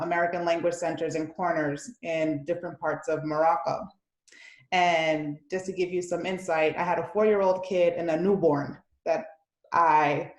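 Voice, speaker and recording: Low-voiced woman in an echoey room. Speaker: panelist. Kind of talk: recounting experiences in a panel talk. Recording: roomy echo.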